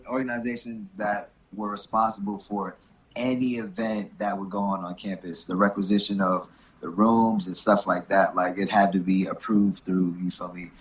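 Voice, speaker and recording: A young man, a rugby coach, talking about his club in a relaxed interview, often saying "you know what I'm saying". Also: fairly low pitch, lo-fi sound. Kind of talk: casual interview talk.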